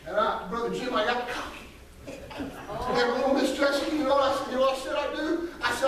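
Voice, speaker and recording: A man, an associate pastor, preaching a folksy sermon and calling on church members by name, swinging from shouts to near whispers. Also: very high-pitched, brisk, crowd noise. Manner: folksy storytelling, calls on congregation members by name; rises to shouting peaks, then drops very soft. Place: church sanctuary. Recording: echoey church hall, voice from far off.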